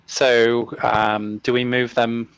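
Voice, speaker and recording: A man playing a tabletop game, relaxed, asking rule questions. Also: medium pitch, slow pace, clean tone, low-quality recording. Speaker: player. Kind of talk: casual tabletop play.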